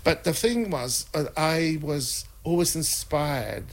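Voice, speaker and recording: A man, a guest telling animated anecdotes, laughing often and acting out what people said. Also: a little high, slow pace. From North Island of New Zealand. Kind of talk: anecdotal storytelling.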